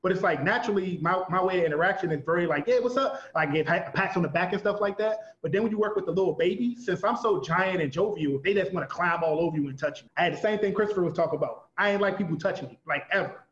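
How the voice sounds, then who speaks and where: A man in his thirties from Washington, DC, an art teacher and guest in a casual conversation. He talks in loose, rapid runs full of "like.". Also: high voice, fairly bright tone. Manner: rapid, loose, heavy use of filler "like". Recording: roomy, slightly dull sound.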